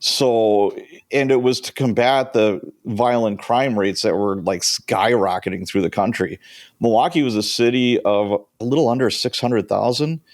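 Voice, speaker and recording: Dry-sounding, lively storytelling middle-aged man. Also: on the low side, normal speed, dry recording. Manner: lively anecdotal storyteller who chuckles often. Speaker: guest, retired police sergeant. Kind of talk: casual interview storytelling.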